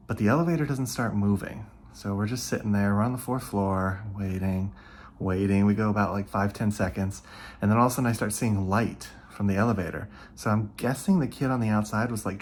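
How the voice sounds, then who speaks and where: A man with a fairly low voice tells a rambling travel story in a loose, chatty way. He slips into quick quotes of what others said. Faint room noise sits behind him. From California. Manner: chatty, retells events with quoted asides. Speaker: travel vlogger. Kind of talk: casual storytelling to camera.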